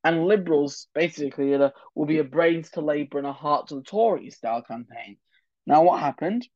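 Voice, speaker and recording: A man's voice: fairly high pitch, a little fast, darkish tone, no echo, dull audio. A man hosting a solo history podcast, talking casually with sarcastic asides and the odd swear word. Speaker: podcast host.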